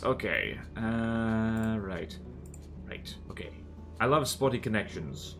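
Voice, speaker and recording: A man's voice: lowish voice, expressive, slow pace, creaky, fairly bright tone, soft background music. A man streaming a game live, chatting casually in a rambling, self-mocking and jokey way. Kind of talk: casual live-stream chat while playing.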